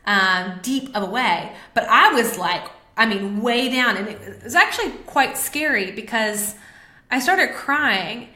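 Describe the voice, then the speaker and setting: A podcast host speaks to her viewers on a webcam or phone live stream, her mid-range voice pushed and bright with noticeable reverberation. She's candid and confessional, and uses lots of fillers.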